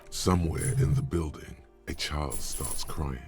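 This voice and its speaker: An actor voicing a grave male game narrator, describing scenes in a slow, measured way. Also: extremely low pitch, a little mellow, soft background music. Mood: somber.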